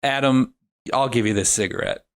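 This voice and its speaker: A man at an ordinary, middle pitch tells a story in easy, casual chat. He rambles, piles on fillers and circles back as he goes. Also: normal speed. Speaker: podcast guest recapping a film.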